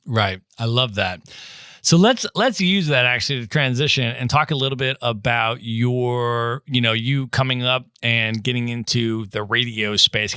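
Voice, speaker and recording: Brief: male podcast host, middle pitch, bright tone, dry close mic. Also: clear, resonant tone, dry recording. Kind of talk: interviewing on a podcast.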